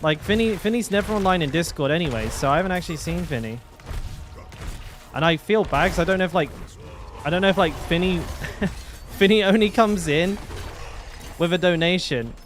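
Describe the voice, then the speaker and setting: A man's voice: a little high, a little fast, pauses often, slight background noise. A man chatting casually to his live-stream audience while he plays a game, swearing freely, laughing, and often trailing off mid-sentence.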